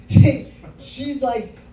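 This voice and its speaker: A man's voice: extremely high pitch, steady tone, very slow, warm tone. A man doing a stand-up comedy set in a bar, rambling and self-deprecating and swearing freely. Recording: echoey room from far off, faint noise.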